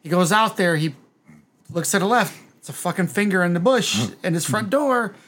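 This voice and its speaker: Brief: man, high voice, animated profane storyteller, casual podcast chat. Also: normal speed. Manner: animated, profane, acts out movie lines.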